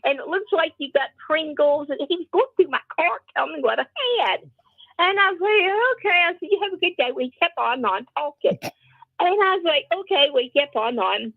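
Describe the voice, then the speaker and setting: Woman co-host, animated storyteller, high voice, dry tinny phone-line sound. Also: brisk, creaky, dry recording. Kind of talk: casual storytelling chat.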